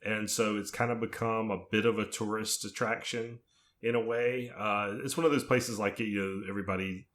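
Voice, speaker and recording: A man co-hosting a horror podcast, walking through film plots in a steady, casual chat. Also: lowish voice, normal speed. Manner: steady, methodical plot summaries. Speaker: podcast co-host.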